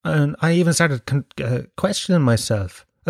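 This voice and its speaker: A man's voice: a little high, lively intonation, normal speed, creaky, no echo, studio quality. Self-mocking Irish man telling a story. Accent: Kerry Irish. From Ireland. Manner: rambling, self-mocking, swears freely. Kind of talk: storytelling monologue.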